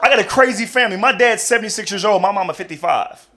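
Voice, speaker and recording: A man's voice: high-pitched, quick pace. A young man performing a chatty stand-up comedy routine on a club stage. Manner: animated, chatty, many "you know what I mean".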